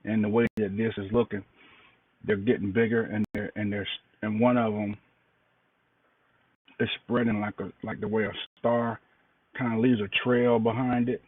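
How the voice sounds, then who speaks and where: Tired man, low flat voice, phone-like sound. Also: husky, no echo. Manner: low-key, plain-spoken, halting with fillers. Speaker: cancer patient sharing an update. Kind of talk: casual video diary. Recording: distant, phone-like, noisy recording.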